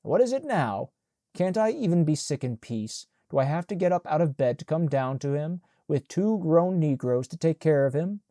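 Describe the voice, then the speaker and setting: A man puts on a frail, whining mother who always feels put upon, raised in pitch. Her tone is mellow and dry, and every line sounds aggrieved. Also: big pitch swings, normal speed, dry recording. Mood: complaining. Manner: plaintive, complaining. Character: sickly, self-pitying mother, whining and complaining.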